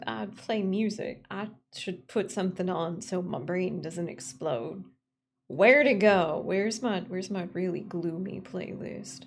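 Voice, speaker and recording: A young adult woman streaming, chatting casually with her chat, repeating greetings and laughing often. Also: medium pitch.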